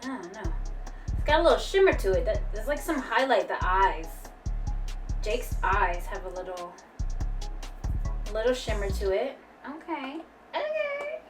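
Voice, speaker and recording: A woman's voice: medium pitch, expressive, unhurried, long pauses, far from the mic, faint music behind. A woman beauty vlogger gushing and exclaiming as she unboxes makeup, swearing casually as she goes. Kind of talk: excited unboxing chat.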